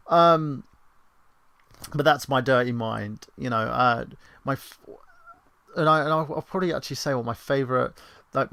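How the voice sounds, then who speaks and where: A man's voice: medium pitch, vocal fry, fairly bright tone. A man hosting a live stream, chatting casually and crudely, joking and making loose asides. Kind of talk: casual rambling chat.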